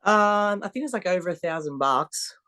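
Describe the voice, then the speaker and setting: A woman's voice: lowish voice, brisk. A woman, a strongwoman athlete telling blunt, swear-filled stories in a casual interview. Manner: blunt, swears freely, animated storyteller. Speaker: podcast guest, strongwoman athlete.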